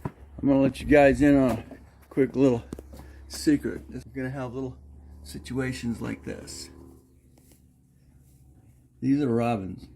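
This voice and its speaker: A man hosting a casual farm vlog outdoors, calmly explaining his chores to viewers while filming on a handheld action camera. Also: mid-range voice, a little slow, long pauses, a little hiss or hum. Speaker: vlog host. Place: outdoors in a goat yard and barn.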